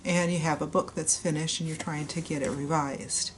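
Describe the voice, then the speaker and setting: Hoarse, low-voiced woman author. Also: fairly even intonation, moderate pace, background noise. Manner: rambling, with many ums and uhs. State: hoarse from a cold. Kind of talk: casual explanatory video talk.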